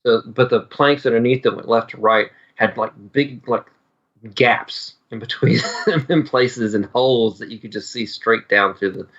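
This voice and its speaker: A man's voice: medium pitch, moderate pace, a bit bright, dull audio. A man co-hosting a podcast, telling a story in a rambling way with lots of fillers. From Texas. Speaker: podcast co-host. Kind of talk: casual chat.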